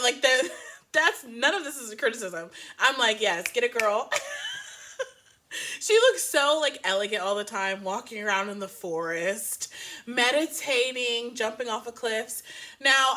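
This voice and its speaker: A woman reviewing a book and its TV adaptation in a casual, animated way, laughing often and making playful asides. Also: a little high.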